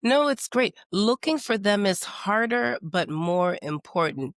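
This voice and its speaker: A woman's voice: mid-range voice, animated, a little slow, no echo, clean studio sound. Encouraging woman podcast host. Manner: attentive, encouraging. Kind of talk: interview questions.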